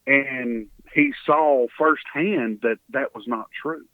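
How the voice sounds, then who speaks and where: A man's voice: medium pitch, takes it slowly, dry recording. A man with a Texan accent, a guest telling an earnest, emotional story from his relief volunteering. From Texas. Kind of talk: storytelling in an interview. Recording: dry, phone-like sound.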